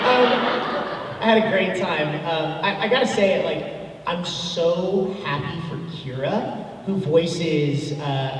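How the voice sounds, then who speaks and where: Chatty man in an echoey hall. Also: sits high. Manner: chatty, rambling, many ums and restarts. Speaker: voice actor guest at a convention panel. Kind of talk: casual panel Q&A. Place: large convention hall. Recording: echoey hall audio from far off.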